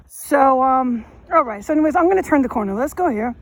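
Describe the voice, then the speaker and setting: A woman's voice: high voice, animated, a little fast. A woman rambling emphatically in casual slang as she walks a city street and films a vlog on her phone. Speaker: vlogger. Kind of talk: walking vlog monologue. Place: city street outdoors, walking. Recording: faint street noise outdoors. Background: street noise and passing traffic.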